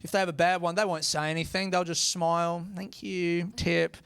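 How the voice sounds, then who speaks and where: A young Australian man doing a stand-up comedy set, telling a story conversationally with animated impressions and casual swearing. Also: high-pitched, moderate pace, creaky, clean tone, no room sound, studio quality. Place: comedy club stage with audience.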